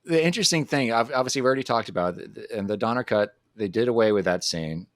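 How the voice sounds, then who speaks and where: A man with a lowish voice talks through the choices behind a film's alternate cut, steady and analytical. He sits close to a dry microphone. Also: fast, dry recording. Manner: analytical, cites production history. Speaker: podcast co-host. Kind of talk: casual film discussion.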